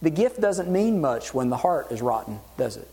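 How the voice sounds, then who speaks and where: A man preaching a sermon, animated and acting out voices in the dialogue he quotes. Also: on the high side, moderate pace, big-room sound. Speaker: pastor.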